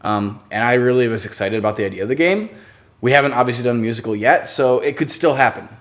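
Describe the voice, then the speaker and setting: A man hosting a casual live-stream chat, jokey and quick to laugh. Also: medium pitch, fairly bright tone. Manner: chatty, laughs often, jokey. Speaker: host of a channel live stream.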